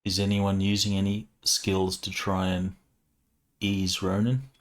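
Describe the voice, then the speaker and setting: A man serving as game master, narrating a tabletop game in a relaxed, conversational way with frequent fillers. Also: low-pitched, unhurried.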